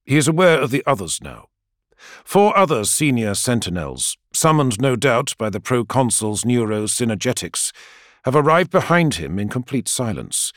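Expressive male audiobook narrator, dry sound. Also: medium pitch, moderate pace, no echo. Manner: dramatic, expressive reading with lively swings.

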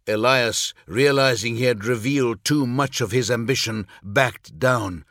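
A man narrating fiction in a measured, dramatic way, close to the mic. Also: fairly low pitch, fairly even intonation, fairly bright tone, no room sound. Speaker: audiobook narrator.

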